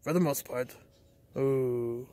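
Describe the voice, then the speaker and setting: A man's voice: mid-range voice, takes it slowly, mellow, no echo, voice pushed down, natural voice. A man voicing a cheeky, bossy male toy creature. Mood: doting.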